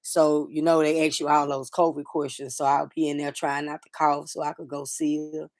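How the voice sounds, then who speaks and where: A middle-aged woman hosting a casual livestream chat, talking softly and sadly to viewers, rambling with fillers and restarts. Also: low-pitched, flat delivery, normal speed, no echo, studio quality. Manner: soft-spoken, grieving, rambling with fillers and restarts. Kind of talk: casual personal talk to viewers.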